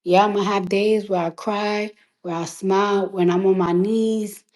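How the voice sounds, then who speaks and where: A woman's voice: medium pitch, fairly even intonation, measured pace, darkish tone, low-quality recording. A woman, giving a defiant, emphatic and profane monologue. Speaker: rapper. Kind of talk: impassioned monologue.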